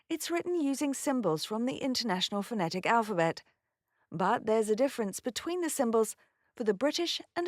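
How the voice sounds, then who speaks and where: In a scripted pronunciation lesson, a woman with a fairly high and very lively voice enunciates every word clearly and carefully. The recording is dry and close, without any room sound.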